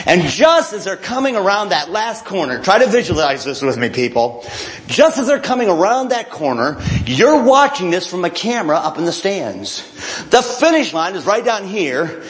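A man's voice: fairly high pitch, sing-song, moderate pace. A man telling a long humorous story to a live audience, speaking to the crowd directly and acting out little voices along the way. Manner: chatty and self-mocking, addresses the crowd directly, acts out voices.

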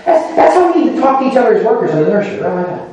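An older man preaching a sermon as pastor in a church, animated, laughing often and asking rhetorical questions. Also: extremely high pitch, racing, reverberant, poor audio. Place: church sanctuary.

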